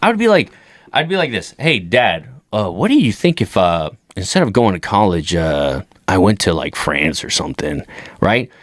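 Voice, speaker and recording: A young adult man on a comedy podcast, telling profane stories about his dad and mimicking him in a lower, flatter voice. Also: normal speed, no echo, studio quality. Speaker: podcast co-host. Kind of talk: casual comedy podcast chat.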